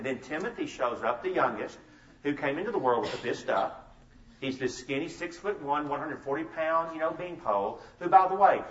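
A middle-aged man speaking at a family seminar, telling stories about his sons and acting out their conversations with laughter. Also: mid-range voice. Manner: animated storyteller, acts out family dialogue with laughs. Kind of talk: storytelling talk to an audience. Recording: roomy, distant, slightly dull sound.

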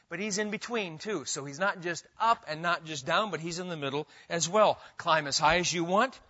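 Pastor guy preaching, high bright voice, keeps quizzing the crowd, kinda muffled recording. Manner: emphatic preacher who asks the congregation questions. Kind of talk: expository sermon.

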